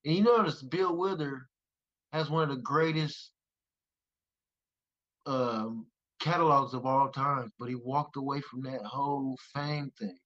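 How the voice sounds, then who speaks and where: A man's voice: mid-range voice, unhurried, fairly bright tone, lo-fi sound. A man from West Virginia, a musician guest, telling stories animatedly in casual conversation and laughing often.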